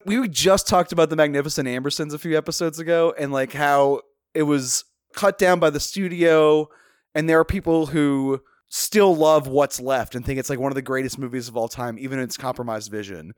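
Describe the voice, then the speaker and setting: A man with a somewhat high voice argues his view of a film with energy, dropping curse words for emphasis. He is recorded dry and close, with no room echo. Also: brisk. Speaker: podcast co-host. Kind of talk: casual film discussion.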